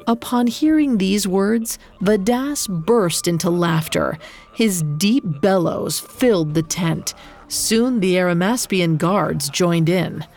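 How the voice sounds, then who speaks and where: A woman reading a story aloud in a steady, unhurried manner as its narrator. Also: fairly low pitch, soft background music. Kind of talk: scripted narration.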